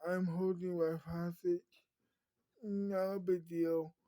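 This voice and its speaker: A woman voicing a male hostage-taker who makes cool, polite threats in a slow, dry, mellow voice. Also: fairly low pitch, flat delivery, dry recording, poor audio.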